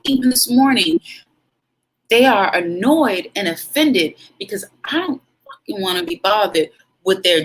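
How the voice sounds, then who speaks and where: Bright, forceful woman telling a story. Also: on the low side, low-quality recording. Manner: dramatic, emphatic, acts out quotes. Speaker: vlog host. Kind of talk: animated storytelling vlog.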